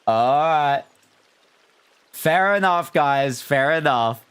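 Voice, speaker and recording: A non-American man livestreams, chatting animatedly and casually with viewers and reading their messages aloud. His voice is fairly high, fairly bright, clear and resonant, and he stretches out his words.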